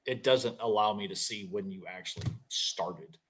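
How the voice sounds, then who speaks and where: A man's voice: on the low side, normal speed, a bit bright. A man co-hosting a podcast, thinking aloud and hedging his points in casual chat. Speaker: podcast co-host.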